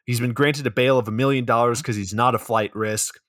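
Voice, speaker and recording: Male podcast co-host, profane and sarcastic, mid-pitched, dry booth sound. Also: fairly even intonation, fairly quick, fairly bright tone, no echo. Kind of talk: casual comedic movie recap.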